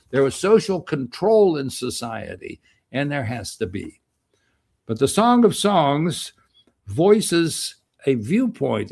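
Older male Bible teacher, gravelly, loose and folksy, plays out the quotes. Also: fairly high pitch. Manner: rambling, folksy, acts out quoted voices. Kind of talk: informal Bible lecture.

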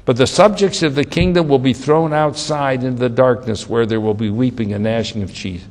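A preacher voicing a calm, solemn teacher. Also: male voice, mid-range voice, brisk, big-room sound, close to an everyday voice. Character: Jesus, calm grown man teaching with authority.

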